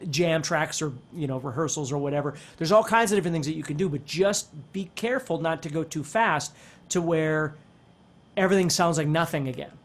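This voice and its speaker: A middle-aged man explains guitar ideas in an easygoing, conversational teaching manner. His voice sits fairly high for a man, and he often restarts his sentences as he works through a thought. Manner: animated, talks with his hands, thinks aloud with restarts. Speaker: guitar instructor.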